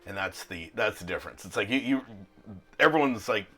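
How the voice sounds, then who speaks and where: Bright-toned man running a tabletop game. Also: fairly low pitch, animated, fairly quick, soft background music. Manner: laughs often, teasing. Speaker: game master.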